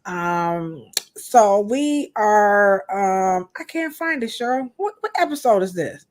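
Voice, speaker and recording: Her pitch is medium, her intonation lively and her pace slow as this woman in her thirties hosts a live podcast. It's relaxed livestream chatter, with playful talk and greetings to viewers in the chat.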